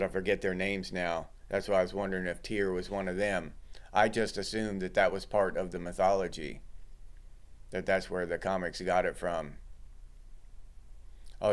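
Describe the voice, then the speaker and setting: A middle-aged man hosting a casual livestream, chatting loosely and greeting viewers in the chat. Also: low voice. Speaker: livestream host.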